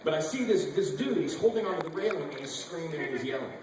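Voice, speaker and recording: Man, convention panel storyteller, animated, profane, very echoey hall, noisy audience recording. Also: fairly high pitch, fast, far from the mic. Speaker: panel guest actor. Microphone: audience camera far from stage.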